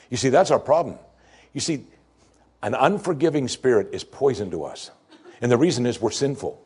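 A man preaching a sermon as a pastor. He swings between soaring, forceful emphasis and soft, low asides. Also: expressive, normal speed, slightly rough.

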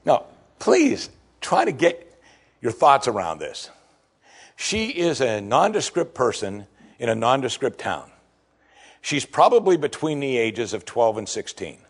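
Male pastor, middle-aged, husky, lively delivery; sermon read. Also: medium pitch, a little slow. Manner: animated, emphatic, acts out quoted lines.

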